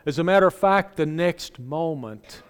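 A man preaching a sermon to his congregation in earnest tones, repeating phrases for emphasis and dropping soft and low at the ends of lines. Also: moderate pace, clear, resonant tone. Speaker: pastor. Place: church sanctuary. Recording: long hall reverb.

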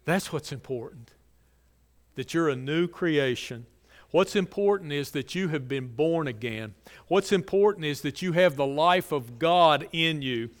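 A man delivers a sermon at a measured, unhurried pace, his voice fairly high for a man and smooth and clear. He preaches emphatically, swelling loud and then dropping low to drive points home. A long reverb hangs in the hall around him. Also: expressive. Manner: slow, emphatic preaching with swells and drops in volume. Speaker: pastor.

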